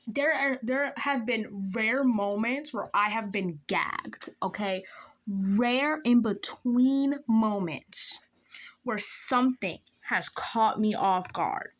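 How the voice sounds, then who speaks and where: Animated young woman telling a story. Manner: dramatic, animated storytelling with whispered asides and sudden high squeals. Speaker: vlogger. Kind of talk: casual storytelling while doing makeup.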